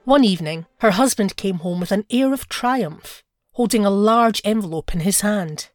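A woman reading a classic short story aloud in a measured, expressive storytelling manner. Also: mid-range voice, no echo, soft background music. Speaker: narrator. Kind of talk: scripted story narration.

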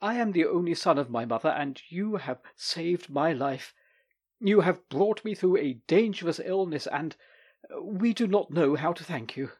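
A man voicing an earnest young son who speaks in halting, repetitive phrases. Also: a little high, big pitch swings, slightly rough, pitched above the performer's own voice, full character voice.

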